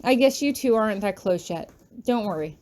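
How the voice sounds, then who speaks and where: A woman's voice: medium pitch, animated, fairly quick, darkish tone, natural voice. A woman reading an earnest, anxious young student. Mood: urgent. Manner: urgent, pleading.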